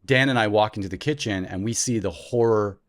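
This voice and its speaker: A man from Canada in his thirties, co-hosting a podcast and telling a story in a casual, animated way, loudly acting out the people he quotes. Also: fairly low pitch, fairly quick. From Ontario, Canada. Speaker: podcast co-host.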